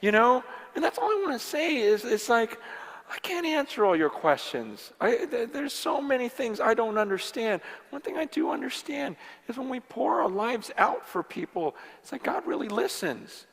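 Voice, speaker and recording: A man's voice: extremely high pitch, big pitch swings, normal speed, vocal fry, fairly bright tone. A man preaching at a conference in an earnest, rambling way, acting out the voices he quotes. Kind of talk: conference sermon. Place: large conference hall. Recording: long hall reverb.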